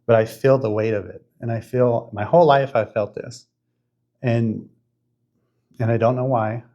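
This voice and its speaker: A man in his fifties hosting a podcast, telling a spiritual story in an earnest, halting way with many restarts. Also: mid-range voice, fairly even intonation, lo-fi sound. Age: 50s. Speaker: podcast host.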